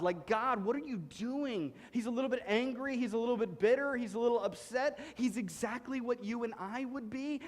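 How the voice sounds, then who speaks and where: Male pastor, high voice, sermon, dramatic loud-to-hushed swings, long hall reverb. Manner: dramatic, swings between loud emphasis and hushed low delivery. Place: church sanctuary.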